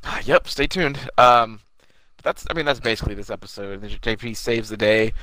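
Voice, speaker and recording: A man's voice: lowish voice, normal speed, sharp tone, no echo. A young man co-hosting a podcast, recapping an anime episode in loose, profane casual chat. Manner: loose and profane, acts out characters in bursts. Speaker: podcast co-host.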